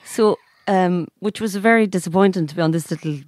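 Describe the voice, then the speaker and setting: A woman's voice: lowish voice, a little fast, dry recording. A woman with a Mayo Irish accent, a podcast co-host telling a rambling story in casual chat. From Ireland, County Mayo. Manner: rambling, animated, acts out quotes.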